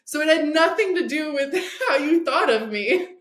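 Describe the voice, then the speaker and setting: A woman's voice: high-pitched, lively intonation, normal speed, echoey room. A woman guest on a podcast, an addiction and recovery coach, telling a story in casual chat and acting out the dialogue, with lots of "like" fillers.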